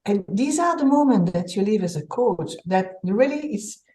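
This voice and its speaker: Warm-voiced woman coach. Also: mid-range voice, normal speed, rough recording. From Belgium. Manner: animated, many repeated words and restarts. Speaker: executive coach. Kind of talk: conversational interview storytelling.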